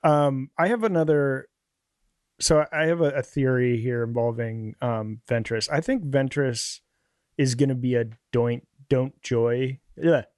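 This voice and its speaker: A man with a mid-pitched, plain voice, talking deadpan on a podcast. He works through ideas out loud in easy casual chat. The sound is dry and close. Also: unhurried, no room sound. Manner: deadpan, thinking aloud. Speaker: podcast co-host.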